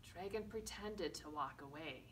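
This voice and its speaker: A woman librarian reading a picture book aloud at a children's storytime, slow and expressive with playful asides. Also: deep voice. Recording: distant mic with faint room noise.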